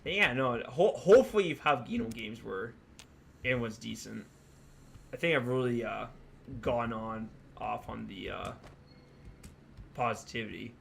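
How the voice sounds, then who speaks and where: A man's voice: medium pitch, moderate pace, vocal fry, long pauses, fairly bright tone, slight background noise. A man in his twenties commentating a game, rambling and musing with lots of fillers. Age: 20s. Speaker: let's play host. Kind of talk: casual gaming commentary.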